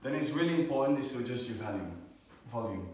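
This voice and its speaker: A young man giving a student class presentation, halting often with fillers and restarts. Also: mid-range voice, animated, a little mellow. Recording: echoey room, far from the mic.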